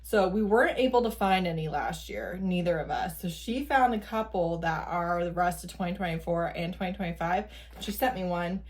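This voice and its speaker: A woman casually vlogging at home, gushing excitedly and laughing often while unboxing a gift. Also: medium pitch, slightly rough. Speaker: book vlogger. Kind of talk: casual day-in-the-life vlog. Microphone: camera at an odd angle without tripod.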